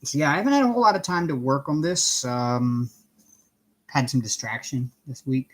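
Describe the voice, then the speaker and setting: A man's voice: medium pitch, normal speed, fairly bright tone. A man hosting a casual live stream from home, cheerfully greeting viewers one by one by name while he works on a craft project. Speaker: livestream host.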